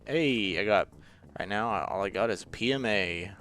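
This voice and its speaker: This gaming host's voice sits low and gravelly with a slightly bright edge, swinging widely in pitch at a moderate pace while faint music runs behind him. He's a young man doing loose let's-play commentary, rambling, joking, frustrated easily, and full of filler words.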